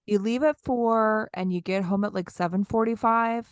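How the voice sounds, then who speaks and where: In casual podcast conversation, a woman in her thirties co-hosting the show tells a story, bringing it alive by quoting her own lines. Her voice is mid-pitched, smooth, and clear at a moderate pace, with a close, dry recording and no room sound.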